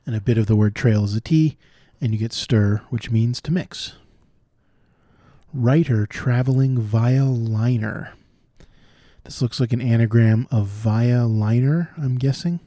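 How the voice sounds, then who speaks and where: A man solving cryptic crossword clues out loud, thinking through each one and explaining the wordplay as he goes. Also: mid-range voice, unhurried, dry recording, clean studio sound. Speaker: puzzle solver.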